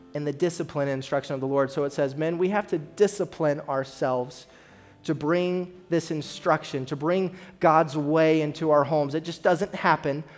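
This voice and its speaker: A man preaching a sermon as pastor, earnest and addressing the congregation with direct questions. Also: a little high. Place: church.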